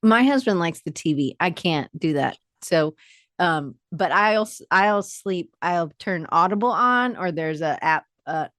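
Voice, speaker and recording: A woman from Atlanta, a guest on a podcast, telling lively stories and acting out what people said. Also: on the low side, a little slow, no room sound, studio quality. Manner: lively storyteller who acts out quoted dialogue. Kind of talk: casual conversation.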